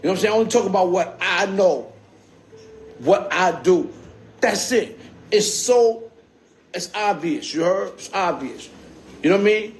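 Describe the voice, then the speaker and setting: A man's voice: high voice, lively intonation, normal speed, long pauses, slight background noise. A man talking casually on a livestream in streetwise slang, often tagging on "you heard?". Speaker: livestream host. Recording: phone screen-recorded livestream.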